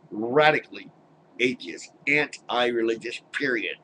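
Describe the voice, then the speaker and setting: A man's voice: mid-range voice, a bit bright, a little hiss or hum, poor audio. Blunt exasperated older man ranting. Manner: blunt, exasperated, swears, scoffs in disbelief. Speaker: webcam vlogger. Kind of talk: angry personal rant. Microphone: webcam.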